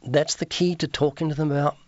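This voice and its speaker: A man's voice: fairly high pitch, fairly even intonation, quick pace, darkish tone, no room sound, lo-fi sound. A man, an evangelist guest on a radio interview, preaching earnestly, quoting scripture and acting out street conversations.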